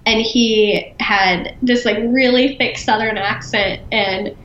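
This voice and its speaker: A woman's voice: fairly high pitch, steady tone, slow, fairly bright tone, a little hiss or hum. Chatty lady on a podcast, laughs a lot, restarts her sentences, echoey kinda muffled mic. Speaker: podcast guest, business founder. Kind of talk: casual interview talk.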